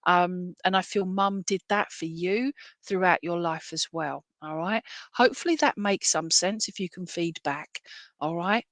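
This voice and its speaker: A woman's voice: lowish voice, unhurried, fairly bright tone, no echo. A woman giving a clairvoyant reading at an online church service. She rambles in a chatty way, makes self-deprecating asides and keeps checking in with "all right?". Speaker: medium.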